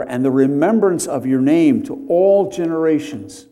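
A man preaching an expository sermon, deliberate and conversational, pausing to stress key words and drifting into homely asides. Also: a little high, lively intonation, dark tone.

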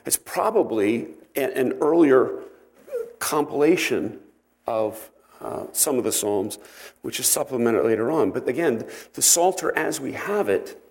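Male Bible teacher, mid-pitched voice, reads scripture and then explains it conversationally, unhurried. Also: a little mellow. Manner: unhurried, with fillers and self-corrections.

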